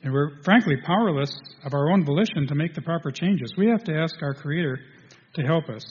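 A man preaching a sermon to a congregation, halting, restarting, and filling pauses as he goes. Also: on the high side, lively intonation, a little mellow, breathy edge. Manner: halting, with many restarts and fillers. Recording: dull lo-fi sound in a reverberant hall.

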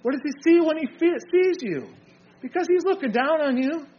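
A man's voice: very high voice, animated, normal speed, dull audio, slight background noise. An older man preaching an informal sermon, earnest, asking questions and answering them himself.

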